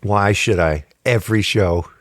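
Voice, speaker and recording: A man's voice: fairly low pitch, measured pace, dry recording, clean studio sound. A man hosting a casual podcast chat, joking and teasing his co-host. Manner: teasing, jokey, prone to laughing fits.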